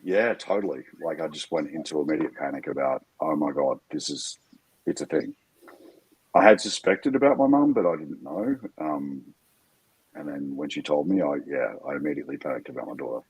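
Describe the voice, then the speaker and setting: A man's voice: extremely low pitch, fairly quick, a little mellow, husky, no echo. A man in his fifties, a guest speaking openly and emotionally in casual conversation, laughing easily. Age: 50s. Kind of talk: candid conversational storytelling.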